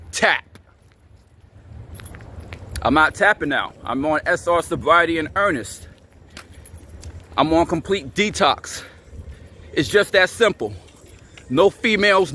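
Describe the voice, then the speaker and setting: A man rants straight into his camera outdoors, with faint traffic noise behind him. His voice sits a little high for a man, and he talks in angry, profane bursts, hammering the same phrases again and again. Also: pushed and bright. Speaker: channel host. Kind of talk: ranting to camera.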